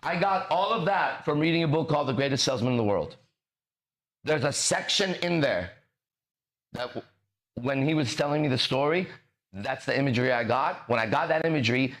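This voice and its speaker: A man's voice: medium pitch, a bit bright. A man hosting a motivational talk, emphatic and preachy, who swears and stumbles over words as he explains. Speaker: podcast host. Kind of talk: motivational conversation.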